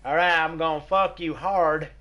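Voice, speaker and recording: Man putting on a whiny panicky young Southern redneck, very high and loud, joke voice. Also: fairly even intonation, normal speed, lo-fi sound. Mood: panicked. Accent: put-on American Southern.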